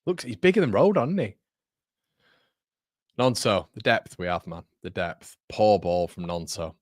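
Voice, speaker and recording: Excitable man hosting a football watchalong. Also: fairly low pitch, normal speed, no echo, clean studio sound. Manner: excitable, chatty, swings between shouting and muttering. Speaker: watchalong host. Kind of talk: live match watchalong commentary.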